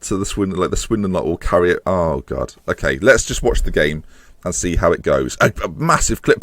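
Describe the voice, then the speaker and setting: A man giving excitable live commentary while playing a football management game, groaning and swearing at the match, his voice climbing higher as chances come near. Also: normal speed, no echo. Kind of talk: live let's-play commentary.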